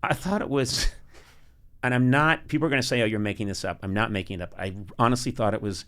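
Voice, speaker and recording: Bright-voiced middle-aged man telling funny stories. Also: mid-range voice, quick pace, clean tone. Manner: animated, laughs often, voice rises loud when excited. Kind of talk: comic storytelling chat.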